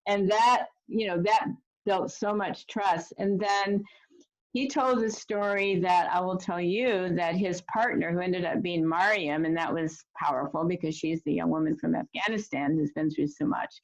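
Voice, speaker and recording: A woman who teaches refugee youth tells stories in an earnest, gentle, unhurried way over a video call. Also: lowish voice, steady tone, highs cut off. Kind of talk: reflective storytelling talk.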